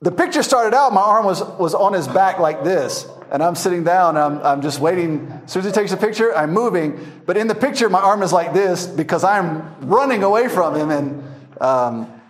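A man's voice: sits high, moderate pace. A man teaching a verse-by-verse Bible class, telling funny stories with frequent laughter. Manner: laughing storyteller, animated anecdotes.

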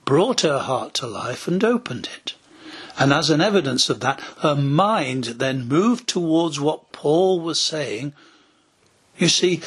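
A man's voice: a little high, a bit bright, breathy edge. A man preaching a sermon as a pastor, telling stories and acting out quoted voices, sometimes dropping to a whisper.

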